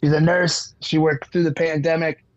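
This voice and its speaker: A man's voice: fairly high pitch, flat delivery, moderate pace, no echo, dull audio. A man, a musician guest on a podcast, telling rambling stories with lots of fillers and casual swearing.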